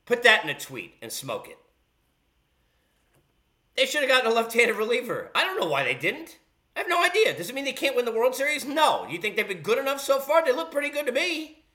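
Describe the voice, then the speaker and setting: A man's voice: very high voice, huge pitch swings, fairly quick, bright, forceful tone. A man hosting a sports podcast, ranting bluntly and sarcastically. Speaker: podcast host. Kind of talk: opinionated sports rant.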